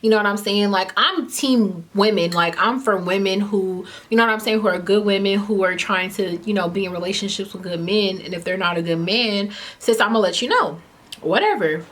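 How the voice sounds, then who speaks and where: A woman in her twenties telling a casual story-time tale at home, chatty and animated, filling her talk with "like" and "you know what I'm saying". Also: mid-range voice. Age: 20s. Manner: eats while talking at times.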